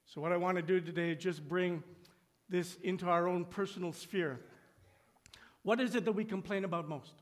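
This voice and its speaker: High-pitched guy preaching, slows way down and goes quiet on big lines, squeaky when acting out whiners. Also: fairly even intonation. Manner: slows down and drops to a hush on key phrases; acts out complaining voices with rising pitch. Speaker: pastor. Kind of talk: sermon.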